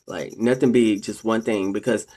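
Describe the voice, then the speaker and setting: Keeping a steady tone and moderate pace, a vlogger delivers a casual, direct-to-viewer monologue that sounds like preaching. He repeatedly invokes "ladies and gentlemen" and acts out quotes in an elevated, louder voice.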